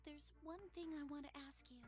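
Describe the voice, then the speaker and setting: Woman voicing a timid secretive young game girl, high-pitched, hesitant, hushed whispers. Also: fairly even intonation, brisk, soft background music, lightly acted. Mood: earnest, probing. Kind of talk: visual novel voice acting.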